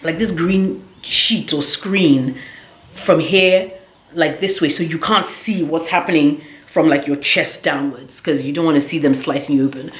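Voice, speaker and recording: Chatty woman vlogger, low voice, roomy echo. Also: measured pace. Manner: animated, chatty, full of filler "like". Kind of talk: casual storytelling vlog.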